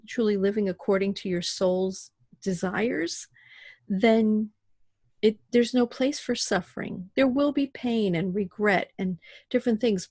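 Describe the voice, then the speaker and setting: A woman's voice: on the high side, no echo. A middle-aged woman, a podcast guest, talking casually and animatedly about spirituality and raising her children. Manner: animated storyteller who acts out voices.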